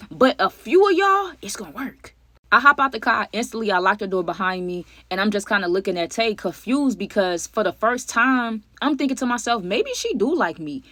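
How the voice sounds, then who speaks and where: Woman doing a fast storytime vlog, slangy, talks to y'all, dry close mic. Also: medium pitch, no room sound. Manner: animated, slangy, talks straight to viewers as y'all; acts out other people's lines mid-story. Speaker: vlogger telling a storytime.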